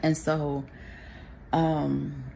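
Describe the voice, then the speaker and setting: A woman's voice: low-pitched, flat delivery, drawn-out words, creaky, mellow, a little hiss or hum. A woman from Texas speaking to a camera, sharing a personal faith testimony in a rambling, conversational way with pious asides.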